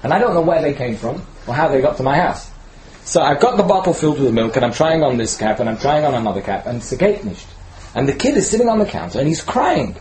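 A man's voice: a little high, expressive, fast, a little mellow, slight background noise, poor audio. Conversational man preaching, asking "right?". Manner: conversational, peppered with "right?" tag questions; repeats and restarts words while searching. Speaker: teacher giving a Torah talk. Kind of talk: informal sermon.

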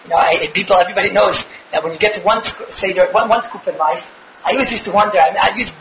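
A young man giving an animated religious lecture to a live audience, firing rhetorical questions with bursts of shouting. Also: high voice, fast talker, roomy sound, noisy background. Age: young adult. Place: room with an audience.

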